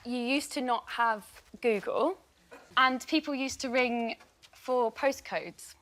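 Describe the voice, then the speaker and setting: A woman's voice: fairly high pitch, takes it slowly, a bit bright. A woman on a comedy panel show, telling an anecdote with amusement. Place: TV studio with an audience.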